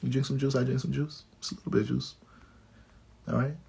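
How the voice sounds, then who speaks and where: A man doing a soft, doting, mushy boyfriend. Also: mid-range voice, little pitch movement, quick pace, gravelly, a little hiss or hum, natural voice. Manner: soft, coddling, baby-talk sweetness.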